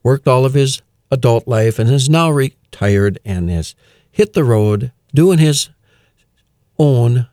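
A man hosting a radio music show, chatting casually with many fillers and reading news items aloud with quiet amusement. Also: medium pitch, slow pace, no echo, studio quality. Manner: relaxed and chatty, with frequent "uh" fillers and chuckles.

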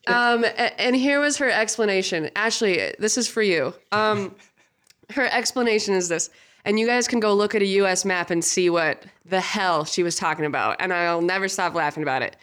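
A woman hosting a casual podcast, telling stories in an animated way and quoting people. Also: mid-range voice, clean tone. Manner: animated storyteller, quick to laugh and quote others. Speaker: podcast host.

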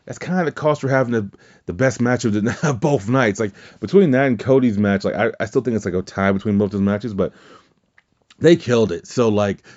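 A man's voice: lowish voice, fairly quick, darkish tone, dull audio. A man hosting a podcast, recapping wrestling in casual, rambling chat full of swearing and fillers. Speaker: podcast host.

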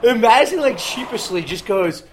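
A man's voice: very high voice, animated, normal speed. A young man chatting casually as co-host, teasing and joking through his stories. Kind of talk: casual chat.

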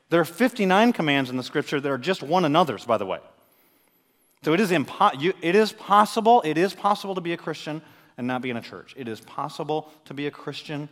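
A man's voice: medium pitch, fairly bright tone. A man preaching a sermon as pastor, talking conversationally and with energy to his congregation in a church. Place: church sanctuary. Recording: long hall reverb.

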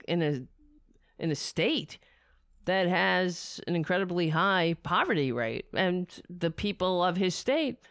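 A woman ranting angrily about politics, profane and sarcastic, who drops into a soft baby voice for her cat. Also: on the low side, no echo, studio quality. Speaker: political commentator.

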